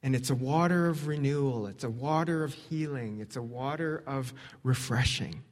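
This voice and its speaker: A man preaching a sermon as pastor, earnest, swinging between emphatic questions and soft, quiet lines. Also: mid-range voice, moderate pace. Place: church sanctuary. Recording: long hall reverb.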